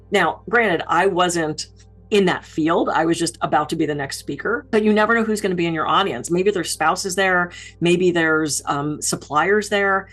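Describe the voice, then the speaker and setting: Woman keynote speaker with a slightly low voice, chatty and relatable, telling stories. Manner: expressive, down-to-earth storytelling. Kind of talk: conversational speaking advice.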